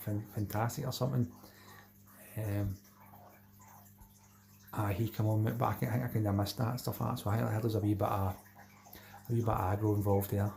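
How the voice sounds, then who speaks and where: A man's voice: fairly low pitch, vocal fry, mellow, slight background noise. A middle-aged Scottish man hosting a live stream, chatting casually with viewers and reading out their comments, repeating himself and calling everyone mate.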